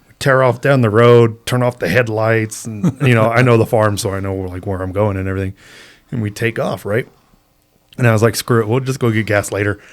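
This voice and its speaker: A man co-hosting a podcast, telling a long story in a laid-back, rambling way and acting out the people in it. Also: lowish voice. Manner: laid-back, rambling, acts out quoted voices. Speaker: podcast co-host. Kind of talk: casual storytelling chat.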